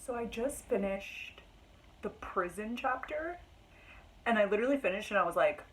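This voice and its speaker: A woman's voice: medium pitch, animated, normal speed, low-quality recording. A young woman in a casual reading vlog, talking emotionally and dramatically about a book she just finished, with frequent fillers. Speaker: book vlogger.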